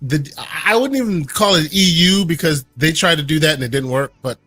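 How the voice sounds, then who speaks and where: A man's voice: on the high side, fairly quick, sharp tone, no echo, soft background music. A man co-hosting a casual gaming podcast, rambling with lots of restarts and fillers. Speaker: podcast co-host. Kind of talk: casual chat. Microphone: own microphone at home.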